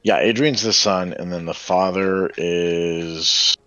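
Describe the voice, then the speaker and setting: A man running a tabletop game as game master, talking in a relaxed, hesitant way with many ums. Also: low voice, slow pace, no room sound, muffled recording.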